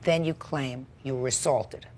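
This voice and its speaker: A woman's voice: extremely low pitch, fairly even intonation, unhurried, a little mellow, a little hiss or hum. A woman judge questioning a litigant in court, blunt and dryly sarcastic.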